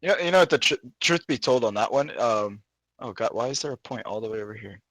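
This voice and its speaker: A man's voice: mid-range voice, lively intonation, quick pace, fairly bright tone. A man from the American South, chatting crudely on a voice call and bursting into laughter. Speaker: friend on voice chat. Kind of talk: casual chat on voice call.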